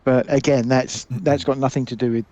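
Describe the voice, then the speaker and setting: A man's voice: mid-range voice, fairly even intonation, normal speed, dark tone, dry recording, highs cut off. A man playing a tabletop game, jokey and trailing off mid-sentence. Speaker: player.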